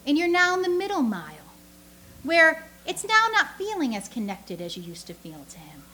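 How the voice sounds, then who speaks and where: A woman giving a lively, conversational sermon to a church audience, full of rhetorical questions and asides. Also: high voice, normal speed. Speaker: speaker teaching a church audience.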